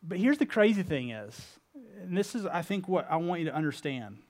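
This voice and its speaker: A man's voice: high-pitched, fairly quick. A male pastor preaching a sermon in a casual, conversational way, often acting out the people he quotes. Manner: casual, animated preaching with many fillers; acts out quoted speakers with shifts in voice.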